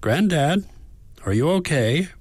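A man's voice: a little high, expressive, takes it slowly, dry recording, pitched above the performer's own voice. A man voicing a young woman, a granddaughter, speaking earnestly and pleadingly to her grandfather. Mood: anxious. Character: young adult granddaughter, worried and caring.

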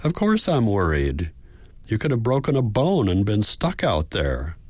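A man's voice: lowish voice, wildly swooping pitch, a little slow, darkish tone, dry recording, pitched above the performer's own voice, full character voice. A man voicing a worried young granddaughter. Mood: earnest. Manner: earnest, pleading.

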